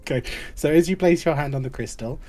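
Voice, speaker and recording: A woman narrating a tabletop game as game master, in a lively, playful way. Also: low voice, fast, faint music behind.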